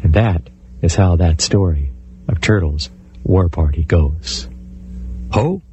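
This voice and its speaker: A man telling a folktale aloud in an expressive, animated way. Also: low voice, measured pace, slight background noise. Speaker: storyteller. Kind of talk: oral folktale storytelling.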